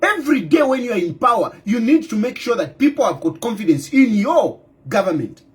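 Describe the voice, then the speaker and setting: A middle-aged man with a Zambian accent delivering an impassioned political monologue, repeating his points and firing off rhetorical questions with loud outbursts. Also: very high-pitched, big pitch swings, brisk. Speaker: opposition party leader.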